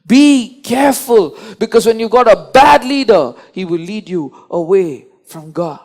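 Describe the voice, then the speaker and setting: A man's voice: high-pitched, lively intonation, a little slow, darkish tone. A man preaching a sermon, emphatic and repetitive, often restarting his sentences.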